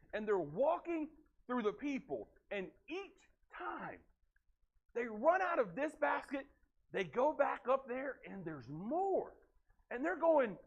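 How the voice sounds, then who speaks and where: A man preaching a sermon in a church, telling the story in a folksy, animated way. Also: very high-pitched, slow pace, breathy edge, lo-fi sound. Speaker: pastor. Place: church sanctuary.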